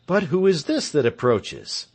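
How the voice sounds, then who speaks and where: A man's voice: a little high, wildly swooping pitch, unhurried, a little mellow, voice pushed up, exaggerated voice. William Tell, a man reading a rousing hero. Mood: curious. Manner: stirring, declamatory. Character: William Tell, resolute heroic marksman leader. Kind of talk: audiobook character reading.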